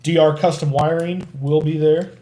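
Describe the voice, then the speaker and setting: A man's voice: fairly high pitch, fairly even intonation, normal speed, warm tone. Easygoing man in a roomy space. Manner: easygoing, teasing. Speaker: co-host reading chat comments. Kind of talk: casual chat, reading viewer comments.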